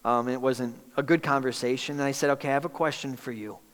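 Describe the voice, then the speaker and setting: The recording, reverberant from the church hall, captures a middle-aged pastor preaching to a congregation in a conversational style and asking them questions. His medium-pitched, slightly bright voice stays steady while he talks quickly.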